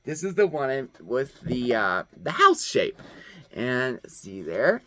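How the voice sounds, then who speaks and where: Chatty man with lively pitch. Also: takes it slowly. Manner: chatty, upbeat, often adds "okay?". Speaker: host. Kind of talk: casual DIY craft demonstration.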